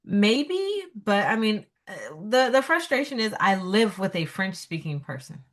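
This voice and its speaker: A woman co-hosting a podcast in casual chat, animated and playful, fond of mock accents. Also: medium pitch, measured pace. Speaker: podcast co-host.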